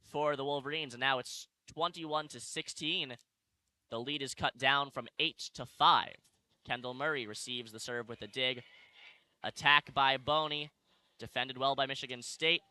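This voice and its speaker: Bright young man calling live play. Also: fairly high pitch, clear, resonant tone, dry recording. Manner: fast play calling with corrections. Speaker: play-by-play announcer. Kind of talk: live sports commentary. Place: arena broadcast position.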